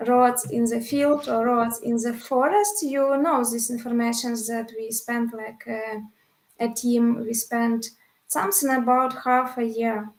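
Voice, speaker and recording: Woman, slow halting English, slightly high voice, echoey room, video call. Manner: halting non-native English, searching for words. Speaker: volunteer guest. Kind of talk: casual video-call chat.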